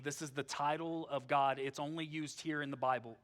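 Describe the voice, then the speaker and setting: A male pastor giving a sermon in a relaxed, conversational way, full of "like", that moves between eager and hushed. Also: fairly high pitch, brisk.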